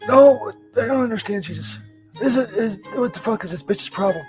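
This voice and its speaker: A man playing a dim, foul-mouthed Saint Peter in a comedy sketch, who is baffled and then cusses in a high, yelling voice. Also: lively intonation, brisk, soft background music. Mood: furious. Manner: bewildered, then explodes into profane rage.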